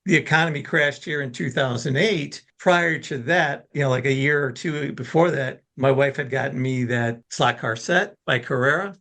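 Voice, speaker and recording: A middle-aged man from the Detroit area, interviewed about his small business, telling animated anecdotes with acted-out quotes. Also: fairly high pitch, moderate pace, few pauses. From Detroit area, Michigan. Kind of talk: conversational interview storytelling.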